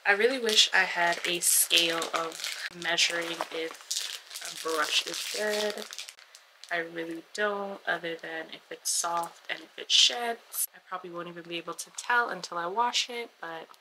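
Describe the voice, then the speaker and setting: A woman's voice: lowish voice, measured pace, noisy background. Chatty young woman vlogging on her phone. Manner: chatty, expressive, slangy. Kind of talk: casual vlog chat.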